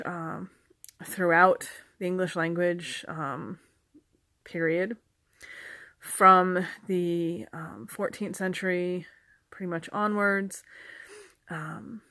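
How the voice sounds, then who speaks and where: A woman's voice: lowish voice, a bit bright, no room sound. A woman giving a casual spoken lesson to camera, chatty, with frequent ums, self-corrections and dry humor, recorded in a small indoor room on a camera mic. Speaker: video lecturer on folklore. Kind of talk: casual explanatory talk to camera.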